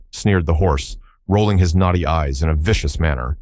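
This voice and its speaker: Brief: low-voiced male audiobook narrator, dry close sound, measured. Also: darkish tone, no room sound. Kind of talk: scripted narration.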